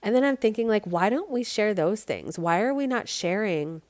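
A woman's voice: medium pitch, lively intonation, normal speed, darkish tone, dry recording. A woman in her thirties hosting a solo podcast, talking candidly and conversationally with many "like" fillers. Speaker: podcast host.

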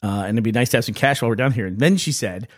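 A man's voice: mid-range voice, rapid-fire, no echo, clean studio sound. A man hosting a podcast, rambling through casual stories and chuckling often. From United States. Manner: rambling storyteller, laughs often. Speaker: podcast host. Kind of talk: casual chat.

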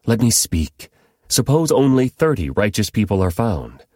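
A man's voice: fairly low pitch, very animated, moderate pace, mellow, husky, no room sound, studio quality, pitched above the performer's own voice. A man voicing a humble old patriarch who pleads and bargains earnestly, in a Bible reading. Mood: earnest pleading.

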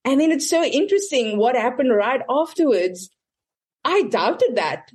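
Animated woman telling a story. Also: high voice, unhurried, slightly rough. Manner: animated, voices the people in her story. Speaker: guest telling her story. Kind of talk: casual storytelling.

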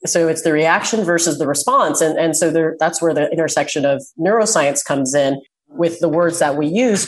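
A woman guest in a casual interview, speaking earnestly and slowing down to stress her points. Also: sits low, rough recording. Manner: earnest, emphatic, slows for key points. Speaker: guest, communication coach.

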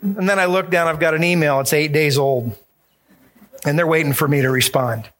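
A man's voice: a little high, fairly even intonation, moderate pace, a bit bright, a little hiss or hum. A male pastor preaching a sermon, emphatic and acting out the voices he quotes.

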